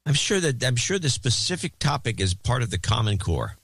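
A man's voice: medium pitch, very animated, a little fast, a bit bright, breathy edge, dry recording. A man co-hosting a talk podcast in casual chat, wry and drily humorous, given to pedantic corrections. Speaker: podcast co-host.

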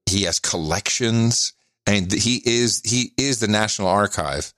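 A man hosting a podcast in casual chat, his voice at a middle pitch. He is animated, laughs often and leaps into high, excited tones, heard dry and close to the mic. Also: measured pace, no echo. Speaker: podcast host.

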